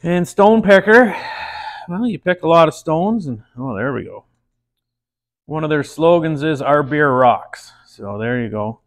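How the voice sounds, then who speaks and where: A man's voice: a little high, measured pace. A man hosting a casual beer-tasting show, trying a stout and telling a joke, laid-back and full of fillers and puns.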